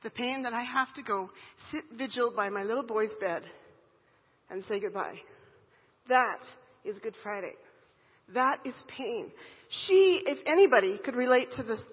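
A woman in her thirties, a pastor, preaching a sermon in an earnest, emphatic way with deliberate pauses. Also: a little high, lively intonation, slightly rough. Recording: dull sound with long hall reverb.

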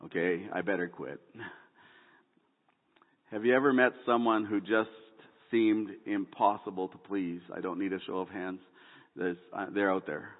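A man's voice: low voice, fairly even intonation, a little slow, pauses often. A man preaching a sermon, opening with folksy jokes and stumbling through restarts and fillers. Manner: folksy joke-telling with frequent ums and restarts. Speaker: pastor. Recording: echoey hall over a tinny phone-like line.

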